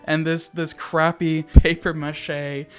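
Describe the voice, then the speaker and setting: A man hosting a casual game review video, excitable and chatty, swearing casually as he talks. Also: on the high side, slow pace, clear, resonant tone. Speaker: video essay host.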